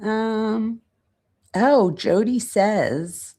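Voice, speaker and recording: Hosting a true crime channel, a woman with a gravelly, creaky, mellow voice of medium pitch reads quotes aloud casually and comments on them. She draws out her words and stops now and then to look through her notes.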